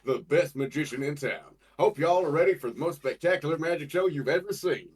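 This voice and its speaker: Buzu, a man doing a booming jovial ringmaster. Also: lively intonation, brisk, breathy edge, distant mic. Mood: grand, jovial. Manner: fancy, booming showman delivery. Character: grand jovial male ringmaster-magician, showy and joyous.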